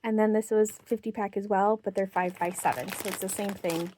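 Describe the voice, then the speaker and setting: A woman's voice: medium pitch, brisk. Chatty, slightly breathless young woman vlogger. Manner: chatty, excited about bargains, reads out prices. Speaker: craft haul vlogger. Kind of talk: casual show-and-tell haul.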